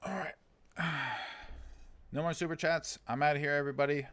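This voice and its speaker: A man's voice: fairly high pitch, steady tone, moderate pace, a bit bright, no room sound. An American man in his thirties living in China, hosting a casual livestream, reading viewer comments with dry, sarcastic humor and chuckles. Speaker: livestream host.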